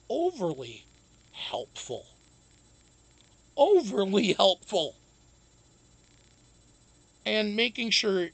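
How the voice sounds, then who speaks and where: Raspy-toned man, high and gravelly. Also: bright, forceful tone, no room sound. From United States. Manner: profane, rambling, laughs often. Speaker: show host. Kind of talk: casual live-stream chat.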